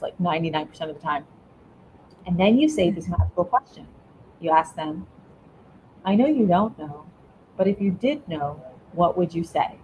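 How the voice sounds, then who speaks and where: A woman's voice: on the low side, a little hiss or hum, poor audio. A woman, a school educator, answering interview questions in a conversational way and acting out what she says to children. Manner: animated explainer, acts out quotes.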